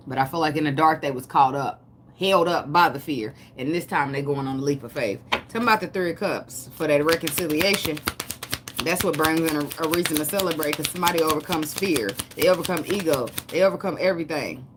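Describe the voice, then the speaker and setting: Speaking fairly quickly in a low voice, a tarot reader gives a loose, casual reading full of loud laughter, profanity and joking asides between cards. The background is noisy.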